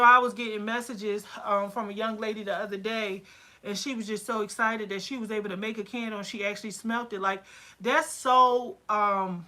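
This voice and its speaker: A candle-making business owner runs a casual livestream about her company, speaking at medium pitch. She's chatty and excitable, packing her talk with fillers and quoted asides.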